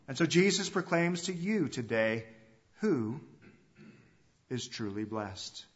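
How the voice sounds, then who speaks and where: A man preaching a sermon as pastor, stressing some phrases loudly and letting others drop to a hush, repeating himself and putting direct questions to his listeners. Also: medium pitch, big pitch swings. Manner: emphatic preaching that swings between loud stresses and hushed, drawn-out endings. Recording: dull lo-fi recording.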